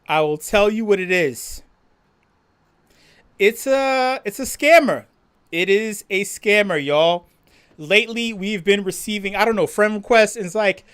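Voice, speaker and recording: Profane, laughing livestream host ranting. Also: mid-range voice. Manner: profane, laughing, animated rant. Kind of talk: casual livestream chat reading viewer comments.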